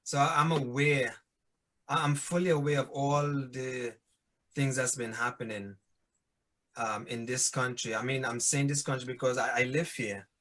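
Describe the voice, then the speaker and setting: A man's voice: mid-range voice, steady tone, moderate pace, a bit bright. A man, a songwriter answering interview questions in a reflective way, searching for words. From Caribbean. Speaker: musician and songwriter.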